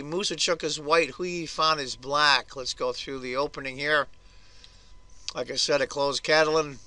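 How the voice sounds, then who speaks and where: A hoarse man hosting his own chess video, talking through a game's moves with blunt, grumbling asides. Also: fairly high pitch, bright, forceful tone, no room sound. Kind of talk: casual chess game commentary.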